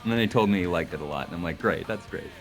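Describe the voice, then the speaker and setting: A man's voice: deep voice, racing. A man being interviewed as a video editor, chatting casually, with lots of fillers and restarts as he rambles through his memories.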